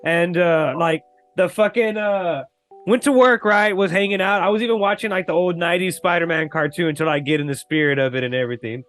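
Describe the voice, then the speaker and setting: A man's voice: high-pitched, fairly quick, fairly bright tone, soft background music. A young man hosting a podcast, telling loose, profane stories in casual chat and laughing often. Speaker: podcast host.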